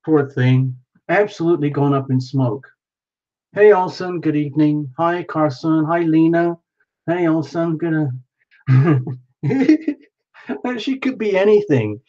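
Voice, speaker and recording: A man's voice: a little high, slow pace, long pauses, darkish tone. A playful man chatting with his live viewers as he paints, narrating each step with frequent exclamations. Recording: dull lo-fi sound.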